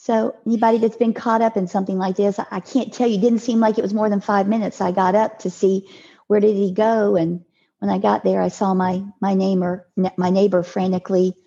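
An older woman telling a personal story as a podcast guest, in a halting way with restarts and repeated words. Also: medium pitch, gravelly, warm tone, husky, muffled recording. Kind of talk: emotional personal storytelling in an interview.

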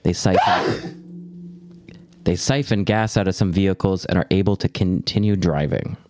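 A man's voice: low-pitched, normal speed, slight background noise. A man hosting a casual movie podcast, recapping the plot and joking with his co-hosts. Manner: joking, reads the synopsis in a plain steady way. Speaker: podcast host.

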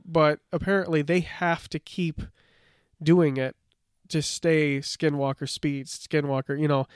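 A man's voice: a little high, unhurried, clean tone, dry recording, studio quality. A man co-hosting a podcast, telling lore in a casual, chatty way and reading bits from his notes, with lots of filler words. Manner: relaxed storytelling, reads from notes, many "like" fillers. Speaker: podcast co-host. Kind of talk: casual chat.

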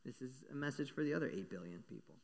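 A man preaching a sermon, playful and animated, acting out little voices as he talks. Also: medium pitch, very fast, creaky. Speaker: pastor. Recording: long echo of a large hall.

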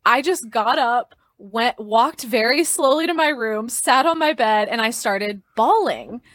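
A young woman telling a personal story as a podcast guest, chatty and expressive, laughing often and filling her sentences with "like" and "um". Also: fairly high pitch, unhurried, no room sound.

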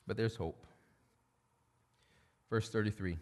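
A middle-aged man preaching a sermon, shifting between loud preaching and quiet storytelling. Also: on the low side, slow. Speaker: pastor. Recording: long hall reverb.

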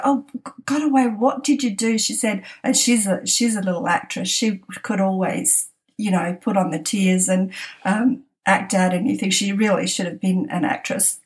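A middle-aged woman telling a family anecdote on a podcast, laughing often and acting out the quotes. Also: mid-range voice. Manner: laughs often while telling, animated quoting. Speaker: podcast storyteller. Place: at home desk.

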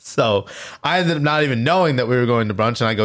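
A man's voice: mid-range voice, lively intonation, fast, fairly bright tone. A man in his twenties co-hosting a podcast, chatting loosely and telling stories with quoted asides and swearing. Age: 20s. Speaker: podcast co-host. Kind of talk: casual chat.

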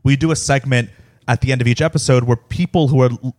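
A man's voice: mid-range voice, steady tone, fast, darkish tone. A man co-hosting a podcast, amused and easygoing, reading items aloud and pushing back. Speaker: podcast co-host. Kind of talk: casual podcast chat.

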